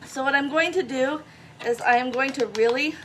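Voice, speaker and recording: A woman's voice: sits high, moderate pace, fairly bright tone, a little hiss or hum. A woman chatting through a craft tutorial, self-deprecating and talking straight to her viewers. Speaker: craft vlogger.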